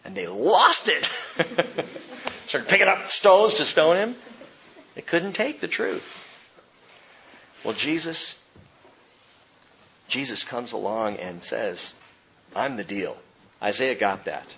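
A man preaching a sermon as pastor, impassioned, jumping from loud outbursts to hushed tones. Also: medium pitch, big pitch swings, takes it slowly, creaky, long pauses, muffled recording, a little hiss or hum.

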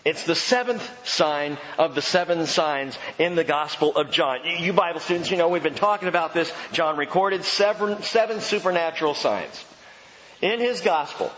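A man preaching a sermon as pastor, animated and emphatic, with joking asides. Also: fairly high pitch, normal speed. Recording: echoey hall, dull lo-fi sound.

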